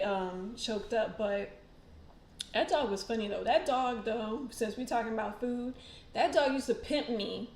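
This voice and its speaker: A woman's voice: on the high side, reverberant. A woman hosting a casual livestream, chatting. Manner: chatty, rambling, many fillers and laughs. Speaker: tarot channel host.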